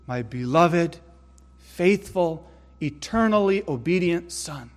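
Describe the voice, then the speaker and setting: Male preacher, sermon, slow and deliberate, slightly high voice, emphatic repetition, long reverb in a church hall. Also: animated.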